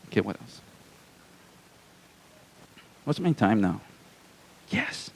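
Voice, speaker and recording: A man's voice: mid-range voice, sing-song, measured pace, gravelly, pauses often. A man from Hawaii doing a live stand-up routine in a small comedy venue, with crude jokes and playful banter with the crowd.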